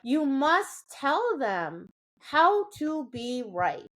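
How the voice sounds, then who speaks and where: Woman dog trainer, podcast co-host, chatty explainer, slightly high voice. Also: very animated, extremely slow, a bit bright. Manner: explanatory, keeps checking in with "right?". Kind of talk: casual podcast chat.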